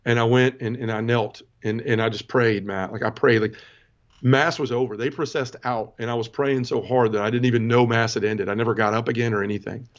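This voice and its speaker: Fast-talking man telling his conversion story. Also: mid-range voice, fairly even intonation, dull audio. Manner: earnest, emotional, halting restarts. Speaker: podcast guest. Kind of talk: personal testimony storytelling.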